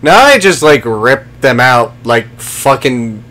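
Mid-range in pitch but swinging widely, his voice is bright and forceful and takes things slowly. He's doing live game commentary, swearing, mocking enemies with sarcasm and addressing chat.

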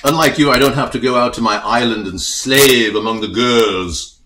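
A man's voice: mid-range voice, moderate pace, noisy background, natural voice. A man voicing a smug wealthy man who brags that he never has to work, in a haughty, boastful manner, in an echoey room away from the mic. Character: smug wealthy man bragging about not working.

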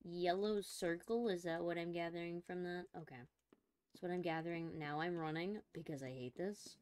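A woman's voice: lowish voice, steady tone, normal speed, darkish tone, slight background noise. A young woman streamer playing a scary game, talking to herself in a jittery way and swearing often. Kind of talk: let's play commentary.

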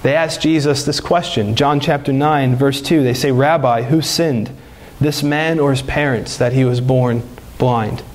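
A man's voice: medium pitch, steady tone, a little slow. A man preaching a sermon as pastor, earnest, his voice climbing when he presses a point. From United States.

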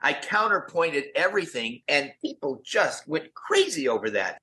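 Brief: older male interview guest, enthusiastic fast-talking raconteur, bright voice. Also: on the high side, very animated. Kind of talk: animated storytelling in an interview.

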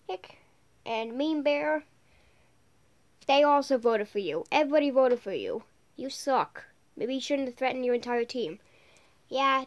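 A woman voicing squabbling contestants in an amateur cartoon, with a petulant, bickering delivery. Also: high-pitched.

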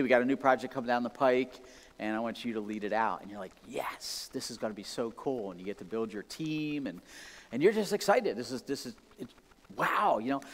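A man preaching a sermon in a conversational, animated way, acting out excited exclamations. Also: medium pitch, long reverb tail. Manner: animated, conversational, many restarts and acted-out exclamations. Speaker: pastor. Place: church sanctuary.

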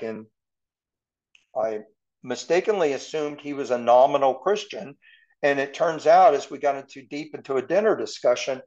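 A man's voice: a little high, a little mellow, lo-fi sound. A man giving verse-by-verse Bible teaching in a conversational way, asking his class rhetorical questions.

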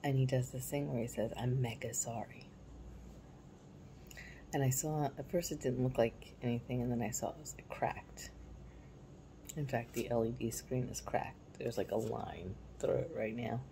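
A woman in her forties shares a family story in a loose, candid way, now and then sinking to a soft hush. Her voice sits very low and sounds dark and mellow, with a faint hiss underneath. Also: steady tone, a little fast, vocal fry, hardly any pauses, poor audio. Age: 40s. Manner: candid, reflective, drops to a soft hush at times. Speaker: parenting vlogger. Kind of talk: casual personal storytelling.

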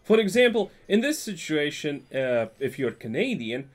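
Young man, card game commentary, sarcastic banter, animated pitch, fairly high voice. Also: moderate pace, few pauses. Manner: joking, sarcastic rambling. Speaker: gaming YouTuber. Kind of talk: gameplay commentary.

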